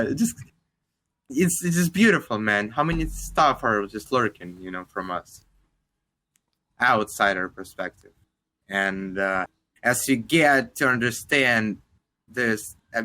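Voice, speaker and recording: Bright-voiced young Russian-accented man. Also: mid-range voice, a little slow. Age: 20s. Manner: rambling, heavy use of "like", casual swearing. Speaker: podcast co-host. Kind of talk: casual podcast chat.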